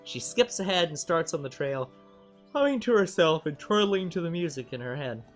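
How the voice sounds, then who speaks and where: A man with a higher voice talks at normal speed over faint music, hosting a game channel. He reads a visual novel aloud as let's play narration and banter, lively and joking between lines with animated bursts of laughter.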